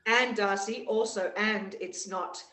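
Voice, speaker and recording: A woman's voice: medium pitch, fairly even intonation, measured pace, sharp tone. Hesitant woman host in an echoey room. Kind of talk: casual conversation. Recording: echoey, distant room sound.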